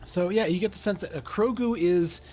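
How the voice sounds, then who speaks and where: Game master guy, kinda high voice, halting, faint music behind. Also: a little mellow. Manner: halting, lots of uh's and restarts. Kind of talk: narrating a tabletop game.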